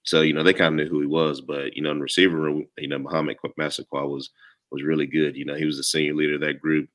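A man's voice: a bass voice, flat delivery, fast talker, fairly bright tone. A man with a Southern country accent, chatting casually as a podcast guest in a laid-back, rambling way full of "you know.". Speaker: former player, podcast guest. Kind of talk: casual chat.

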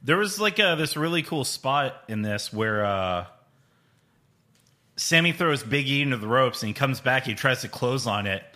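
A man co-hosting a podcast, chatting casually about wrestling with relaxed, joking banter. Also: medium pitch, moderate pace. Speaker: podcast co-host.

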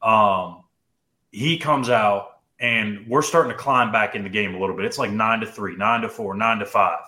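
A young man with a low, bright, forceful voice tells a long story in loose, animated podcast chat. He leans on "dude" and "like" as he goes. The room around him rings with echo. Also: normal speed. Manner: animated, says "dude" and "like" often. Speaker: podcast co-host.

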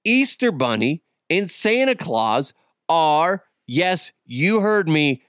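A man hosting a podcast, telling a family story in a casual, animated way and swearing freely. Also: on the high side, slow, very noisy. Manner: animated, swears freely, acts out quoted voices. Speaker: podcast host.

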